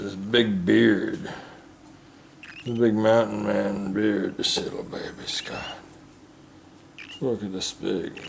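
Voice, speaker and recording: A man keeping pet birds, cooing at them in soft baby talk and often dropping to a hush in a casual vlog. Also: fairly low pitch, vocal fry, slight background noise. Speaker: pet bird keeper.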